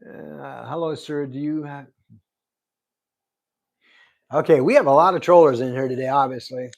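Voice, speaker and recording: A man's voice: medium pitch, fairly even intonation, moderate pace, gravelly, a little mellow. A middle-aged man hosting a casual livestream, reading viewer comments aloud and thanking them over and over. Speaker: livestream host. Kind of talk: casual live chat. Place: Arizona.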